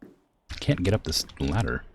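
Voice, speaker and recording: Deep-voiced man chatting over gameplay. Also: sing-song, a little slow, a little hiss or hum. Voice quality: deep low voice. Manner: chatty, talks to the game and to chat, laughs often. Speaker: streamer. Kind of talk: casual gameplay commentary.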